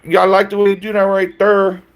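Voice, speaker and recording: A man's voice: high-pitched, completely flat delivery, fairly quick, voice pushed up. A man voicing a boastful show-off guy with a mocking, sing-song drawl.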